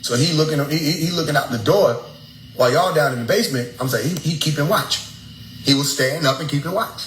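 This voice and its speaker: Animated preachy man, echoey room. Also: on the high side, quick pace. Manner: animated, preachy, swears freely, laughs often. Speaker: speaker addressing his followers. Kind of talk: casual storytelling lecture. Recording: echoey room with faint ambient noise.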